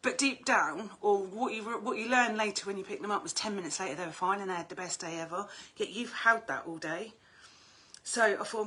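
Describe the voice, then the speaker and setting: A middle-aged woman with a husky, medium-pitched voice talks briskly. As an oracle card reader on a casual livestream, she's chatty and animated and swears freely.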